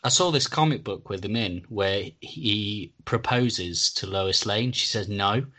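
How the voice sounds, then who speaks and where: A man's voice: fairly low pitch, unhurried, pushed and bright. A man chatting wryly as a podcast co-host. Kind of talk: casual chat.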